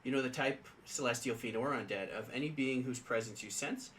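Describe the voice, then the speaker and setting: Male podcast co-host, bright tone, casual and rambling, light noise behind. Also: mid-range voice, brisk, low-quality recording. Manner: chatty, reads rules aloud with many fillers. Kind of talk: casual tabletop game discussion.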